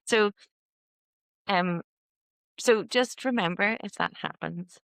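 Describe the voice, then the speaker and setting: A woman's voice: medium pitch, slow, creaky, long pauses, dry recording. A woman, a singer guesting on a podcast, telling stories in casual talk and acting out her own reactions. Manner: lively, animated storytelling with acted-out exclamations. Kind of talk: casual conversation.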